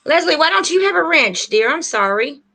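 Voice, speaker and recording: A woman hosting a livestream, rambling warmly and earnestly straight to her viewers in casual chat. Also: sits high, big pitch swings, moderate pace, vocal fry. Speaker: livestream host.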